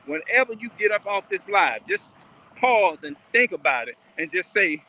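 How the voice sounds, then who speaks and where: A man's voice: high voice, animated, normal speed, pushed and bright. A man talking casually on a live stream, rambling and repeating himself as he keeps asking listeners questions. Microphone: phone or webcam on a live stream.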